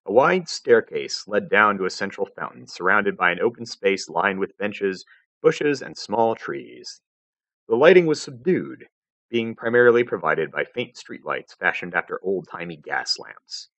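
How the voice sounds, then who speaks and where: Low-voiced man reading a story aloud. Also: measured pace, dry recording. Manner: expressive storytelling narration. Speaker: fanfiction reader. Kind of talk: live reading of fan fiction.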